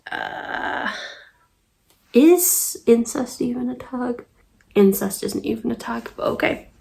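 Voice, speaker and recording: A woman's voice: on the high side, expressive, unhurried, gravelly, dark tone. A young woman from the UK giving a casual commentary vlog, chatty and exasperated, with many ums and nervous laughs. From United Kingdom. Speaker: YouTube commentator.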